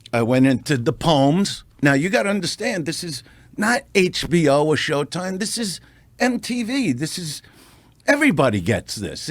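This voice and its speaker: Here a man appearing as a comedian podcast guest spins a profane, animated, brash showbiz story toward its punchlines. The close studio mic captures a medium-pitched voice with no echo.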